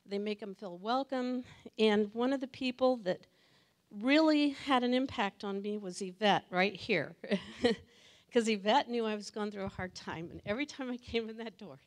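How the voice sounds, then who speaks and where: A woman's voice: medium pitch, moderate pace. A woman sharing a personal testimony at a church gathering, talking earnestly and emotionally and laughing now and then. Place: church meeting room with audience.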